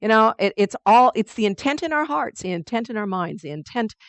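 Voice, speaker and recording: A woman leading a weekly spiritual study group, teaching in a lively, conversational way with playful asides. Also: fairly high pitch, brisk, no echo.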